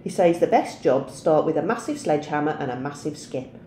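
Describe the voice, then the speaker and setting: A woman's voice: low-pitched, lively intonation, fairly quick, mellow, roomy sound, a little hiss or hum. A woman voicing a cocky, mocking schoolboy in a storybook reading. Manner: mocking, jeering.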